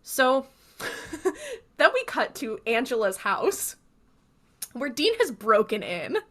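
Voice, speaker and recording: Her voice is high and slightly bright, swooping wildly in pitch while moving at a slow pace. As a podcast co-host, she recounts scenes in easygoing conversation, performing the quoted lines as she goes.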